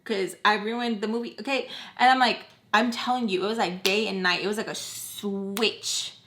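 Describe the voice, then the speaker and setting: Young woman doing a storytime vlog, super casual, lots of "like", swings from quiet to loud. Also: medium pitch, fairly even intonation, moderate pace, slight background noise. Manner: filler-heavy, emotional, quotes others' voices. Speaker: storytime vlogger.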